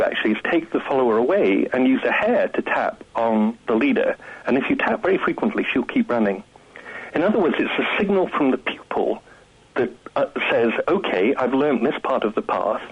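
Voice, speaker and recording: A man, a guest scientist, explaining his research in a measured way on a radio phone-in. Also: medium pitch, slightly rough. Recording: muffled phone line.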